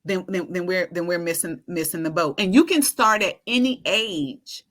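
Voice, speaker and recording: A woman's voice: lowish voice, moderate pace. Woman educator on a podcast, casual but emphatic, really driving her points home. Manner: emphatic and persuasive. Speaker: guest educator. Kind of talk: casual conversation.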